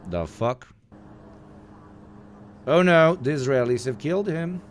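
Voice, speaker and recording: A man's voice: a little high, expressive, slow pace, slight background noise. A man streaming live and reacting to clips with casual, profane jokes.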